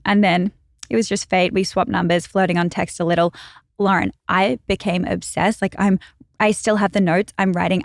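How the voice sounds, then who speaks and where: A young Australian woman chatting as a podcast guest, telling stories with quick asides. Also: mid-range voice, steady tone, dry recording, clean studio sound. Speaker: guest, brand founder. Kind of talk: casual chat. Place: podcast studio.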